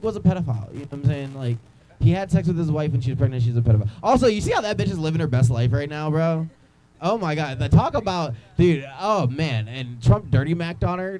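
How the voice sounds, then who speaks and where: A man's voice: fairly high pitch, mellow, rough recording. A young man doing stand-up comedy in a small club, rambling loosely and teasing the crowd.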